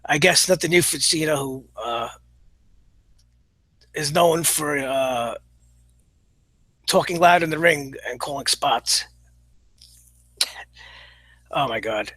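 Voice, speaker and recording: Halting, opinionated man, husky bright voice. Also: fairly high pitch, no room sound, poor audio. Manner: halting, full of pauses and "uh" fillers; blunt, opinionated. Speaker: show reviewer. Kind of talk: casual spoken review.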